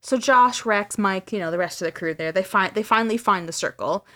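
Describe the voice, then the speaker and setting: A woman's voice: medium pitch, fairly quick. Woman animatedly retelling a spooky tale. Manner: animated retelling, acting out quoted dialogue, casual swearing. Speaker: podcast host. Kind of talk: casual storytelling chat.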